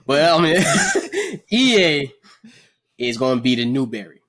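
A young man casually chatting on a podcast, animated and profane, acting out characters between laughs. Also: a little high, a little slow. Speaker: podcast host.

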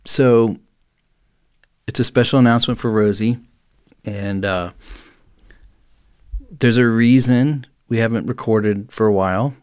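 A man hosting a podcast in casual chat, easygoing and quick to laugh, chiming in often. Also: mid-range voice, steady tone, darkish tone, smooth. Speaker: podcast host.

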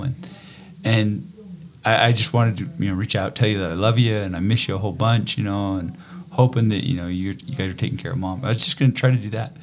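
Animated middle-aged man with low voice. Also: quick pace. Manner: animated storyteller, acts out quotes, many fillers. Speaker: podcast co-host, father. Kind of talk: casual conversation.

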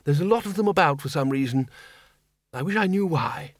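A man's voice: a little high, lively intonation, brisk, dry recording, studio quality, pitched above the performer's own voice. A man voicing a timid, elderly male zombie wizard who stammers and hesitates. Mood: flustered.

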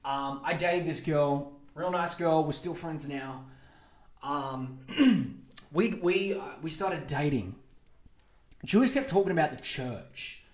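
A crude, animated man in his twenties tells a long story on a podcast. His voice sits a little high for a man. The room rings with a roomy echo. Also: slow. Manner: crude, animated, acts out quotes in raised voices. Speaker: podcast host. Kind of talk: casual storytelling monologue.

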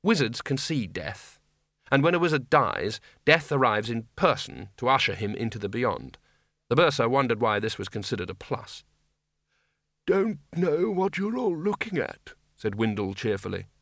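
A man's voice: fairly low pitch, normal speed, fairly bright tone, dry recording. A man reading a comic fantasy novel aloud as an audiobook narrator, with dry, wry storytelling. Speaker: audiobook reader.

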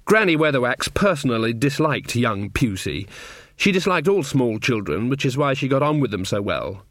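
A man narrating a novel in a measured storytelling voice of middling pitch. The recording is dry and close, with no room sound. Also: sing-song, a bit bright, dry recording. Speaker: audiobook narrator. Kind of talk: scripted narration.

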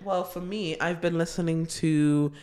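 A young British woman co-hosting a casual podcast, her voice sitting somewhat low. She talks in a relaxed, easygoing way and laughs a lot. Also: measured pace. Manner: laid-back, short agreeing replies, laughs often. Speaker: podcast co-host. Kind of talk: casual chat.

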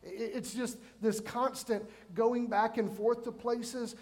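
A man's voice: very high-pitched, flat delivery, takes it slowly, a little mellow. A man in his forties preaching a sermon to his church, chatty and emphatic, often asking the congregation questions. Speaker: pastor. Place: church sanctuary.

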